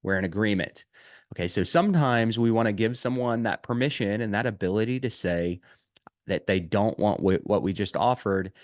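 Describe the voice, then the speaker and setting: A man teaching a video lesson on sales prospecting, talking emphatically, repeating his key points and pausing on "uh" and "um". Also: on the low side, no room sound, clean studio sound.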